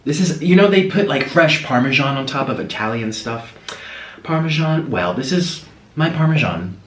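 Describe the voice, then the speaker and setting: A male food vlogger chats casually to the camera in a mukbang, cooing at his pet now and then between bites. His mid-range voice is expressive at normal speed, recorded in an echoey room with faint noise.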